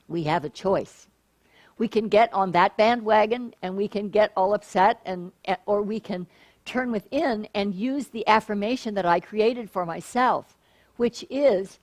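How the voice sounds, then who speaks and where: A middle-aged woman minister giving a sermon, playful and animated, often asking the congregation questions. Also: mid-range voice.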